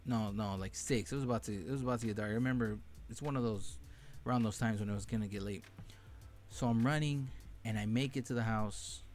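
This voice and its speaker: A man's voice: fairly low pitch, fairly quick, darkish tone, faint music behind. A young man hosting a podcast, telling candid, profane stories from his childhood in a casual monologue. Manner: candid and profane, laughing at painful memories. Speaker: podcast host.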